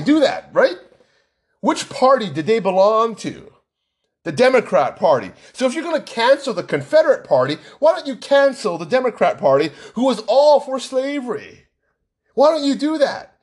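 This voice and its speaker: A man's voice: high-pitched, very animated, moderate pace, breathy edge. A man giving an indignant political monologue full of rhetorical questions and sarcasm. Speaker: political commentator. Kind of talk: opinionated monologue.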